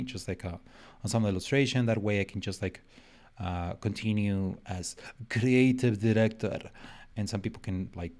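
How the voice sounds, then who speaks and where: Rambling, gravelly-voiced man chatting while he draws. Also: on the low side, darkish tone. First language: not English. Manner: rambling, self-mocking, joking. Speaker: artist streaming live. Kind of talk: casual live-stream chat while drawing.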